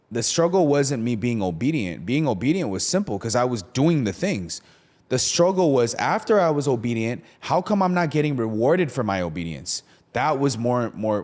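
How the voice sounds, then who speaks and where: A young man hosting a podcast, talking about faith in a casual, slangy way and often checking in with "right?". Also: medium pitch. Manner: slangy, animated storytelling with lots of "right?". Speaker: podcast host.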